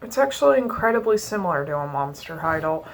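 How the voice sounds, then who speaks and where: A woman's voice: sits low, sing-song, fast. A young woman chatting casually while unboxing a collectible figure at home, joking and wandering into rambling asides. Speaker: vlogger.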